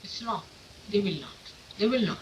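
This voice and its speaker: On an old 1979 tape with faint hiss and a distant microphone, a woman spiritual teacher addresses her followers informally in an ashram meeting room. Her voice is mid-range at normal speed, and she speaks emphatically, asking lots of rhetorical questions.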